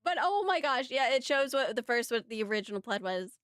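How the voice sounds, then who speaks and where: A young woman streaming a game, excitable and gushing as she thanks her chat. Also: a little high, brisk, no echo. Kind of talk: casual live-stream chat.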